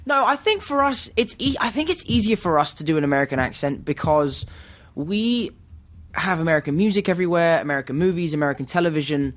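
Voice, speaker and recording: Young English actor, twenties, upbeat interview guest with a slightly raised pitch. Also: male voice, animated, fast talker, a bit bright. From England. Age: 20s. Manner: upbeat, self-deprecating, laughs often. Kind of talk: casual interview chat.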